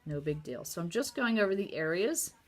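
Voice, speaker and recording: A woman demonstrating card making in a casual craft tutorial, chatty and upbeat, talking straight to her viewers while her sore throat makes her voice a little rough. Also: lowish voice, sing-song, brisk. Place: home craft table.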